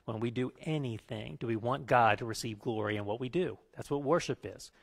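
A middle-aged male pastor giving a conversational sermon, telling stories and building into animated rants. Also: medium pitch, fairly quick, gravelly.

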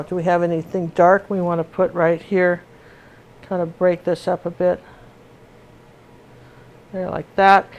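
A middle-aged woman teaching painting in a casual, rambling, chatty way with many fillers and restarts. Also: medium pitch. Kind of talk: casual tutorial chat while painting.

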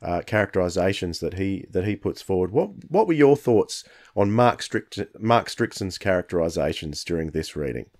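A man's voice: deep voice, animated, moderate pace, hardly any pauses, darkish tone. A man co-hosting a podcast, reviewing a story in hesitant casual chat. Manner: hesitant, many ums and uhs. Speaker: podcast co-host.

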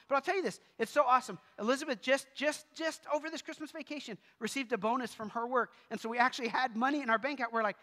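A man's voice: very high-pitched, fast, hardly any pauses, sharp tone, big-room sound. A male pastor preaching a sermon in a church, talking conversationally with humorous asides. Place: church sanctuary.

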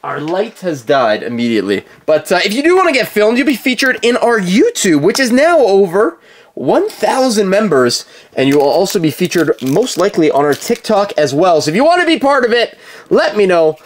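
A man's voice: high-pitched, big pitch swings, moderate pace, slight background noise. A man hosting a live card-break stream, chatting casually with viewers, with lots of fillers, and calling out cards as he opens packs. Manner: chatty, filler-heavy, calls out cards while talking to viewers.

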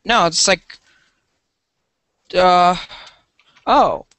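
Giggly young streamer guy, bright voice. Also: high voice, very slow, no room sound. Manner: giggly, rambling, filler-heavy. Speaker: live streamer. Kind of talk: casual live stream chat.

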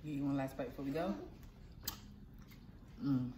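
A woman vlogging a meal with her kids on a phone camera, chatting with her mouth full and gently scolding the children. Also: very deep voice, steady tone, normal speed. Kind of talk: casual chat while eating. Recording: echoey room, faint noise.

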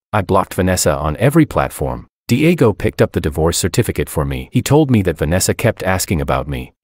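A man's voice: low voice, darkish tone, no echo. A man reading a first-person story aloud in a subdued, melancholy narration style, close to the mic.

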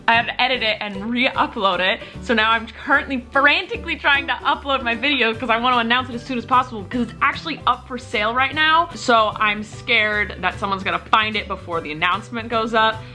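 A young woman in her twenties talks straight into a camera she holds at arm's length at home, quick to get excited and chatty. Her voice sits a little high and sounds bright and sharp. Faint music plays behind her. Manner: excitable and chatty, swings into high squeals when stressed. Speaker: vlogger. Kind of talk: casual vlog chat. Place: at home, indoors.

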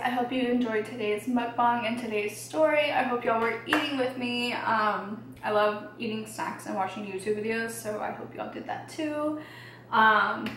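A woman's voice: a little high, fairly bright tone. A woman vlogger chatting casually about a true-crime case while eating, with plenty of "um"s and "like"s. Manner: chatty, many fillers and hedges. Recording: roomy echo, faint background noise.

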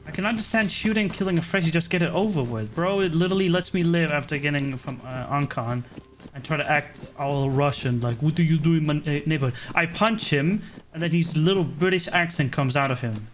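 A man giving casual, excitable commentary while playing a survival game, swearing and cutting himself off mid-word. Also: on the high side, a little fast, slight background noise. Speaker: gaming streamer.

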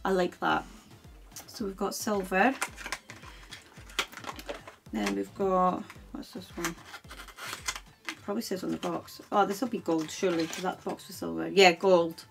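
A woman beauty vlogger chatting to camera in a casual haul video, gushing and filling her sentences with "like" and "um.". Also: mid-range voice. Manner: gushing, chatty, heavy use of "like" and "um". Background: background music.

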